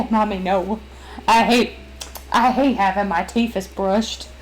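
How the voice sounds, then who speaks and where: A woman's voice: mid-range voice, steady tone, slow, slight background noise, lightly acted, poor audio. A woman voicing her clingy little female dog, pleading in a whiny, babyish way. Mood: pleading whine.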